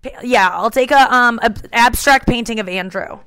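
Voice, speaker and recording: A woman hosting a podcast, chatting casually and retelling scenes with lively acted-out lines. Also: a little high, normal speed. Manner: animated storyteller, acts out scenes. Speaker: podcast host. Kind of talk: casual chat.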